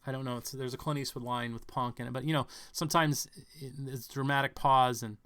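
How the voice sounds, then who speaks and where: A man giving a halting, speculative commentary on news stories, thinking aloud with many fillers and restarts. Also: mid-range voice, fairly even intonation, a bit bright, clean tone.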